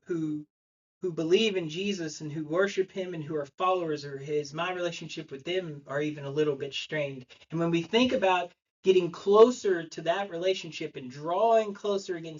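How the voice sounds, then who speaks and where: A man's voice: high-pitched, highs cut off. A man in his thirties preaching a sermon in church, telling stories in a conversational way. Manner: storytelling, conversational, acts out quotes. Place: church sanctuary.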